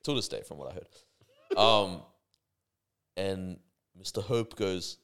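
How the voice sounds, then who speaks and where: A man's voice: sits low, normal speed, long pauses. A young man co-hosting a podcast, telling school stories in casual chat and laughing hard. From Australia. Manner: animated storyteller, laughs hard. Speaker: podcast co-host.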